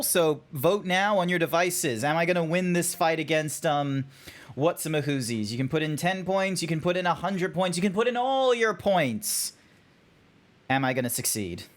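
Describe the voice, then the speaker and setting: A young Australian man narrating his gameplay in a chatty, excitable way. His voice sits a little high and swings widely in pitch as he reacts and talks to his viewers. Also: moderate pace. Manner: chatty, animated, talks to chat while playing. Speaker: streamer. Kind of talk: casual gameplay commentary.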